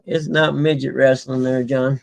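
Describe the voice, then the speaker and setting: A man's voice: medium pitch, level tone, moderate pace, vocal fry. A man hosting a casual talk show, laid-back, laughing often and reading posts aloud. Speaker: show host. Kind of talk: casual chat.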